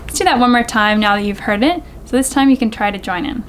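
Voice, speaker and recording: A woman librarian reading a picture book aloud to children in a gentle, expressive, sing-song way. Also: fairly high pitch, quick pace, background noise. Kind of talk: storytime read-aloud for children.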